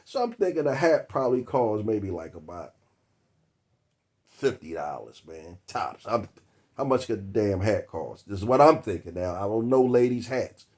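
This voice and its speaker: A man's voice: lowish voice, very animated, normal speed, darkish tone. Laughing, cussing man telling a story. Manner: profane, laughing through the story. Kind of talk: comedic storytelling monologue.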